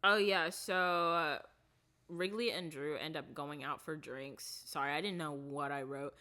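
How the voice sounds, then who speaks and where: A woman vlogger recapping a TV series in casual, rambling chat, full of fillers and restarts, softening her voice on the sad parts. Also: low-pitched, fairly even intonation, a little slow.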